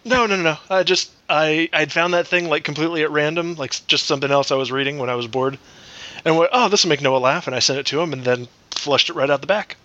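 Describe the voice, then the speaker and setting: A man's voice: on the high side, quick pace, bright, forceful tone, no room sound, dull audio. A man in his thirties, co-hosting a podcast, telling joking self-deprecating stories in casual chat. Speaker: podcast co-host.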